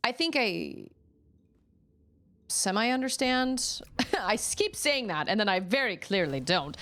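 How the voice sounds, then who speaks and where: Woman game streamer at home, desk mic, chatty, animated pitch, sudden surprised yelps. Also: slow pace, vocal fry, pauses often. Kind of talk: casual gaming chat.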